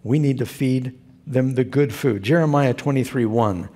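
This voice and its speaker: Gravelly, husky preacher man. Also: medium pitch, moderate pace, warm tone. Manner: folksy storytelling preacher. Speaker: pastor. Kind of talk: sermon.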